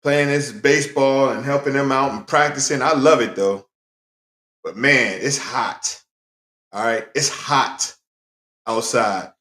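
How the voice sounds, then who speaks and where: A man's voice: mid-range voice, slow pace, bright, forceful tone. A man hosting his own casual solo talk show, chatting directly to his viewers and repeating phrases for emphasis. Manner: talks directly to viewers, greets them often. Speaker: podcast host. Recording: roomy echo.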